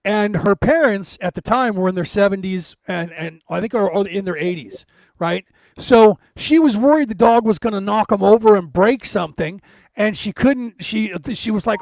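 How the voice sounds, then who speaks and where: A man co-hosting a podcast over a video call, telling an anecdote in a lively way and acting out the people in it. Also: high-pitched, normal speed, no room sound. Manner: animated storyteller, acts out quotes. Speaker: podcast co-host. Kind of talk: casual storytelling chat.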